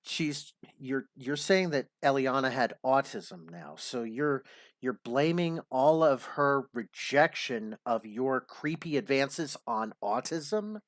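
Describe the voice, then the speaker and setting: A man's voice: mid-range voice, animated, slow, no echo, studio quality. A male stream host giving mocking commentary on videos. He is sarcastic and drags out a name at the ends of his lines.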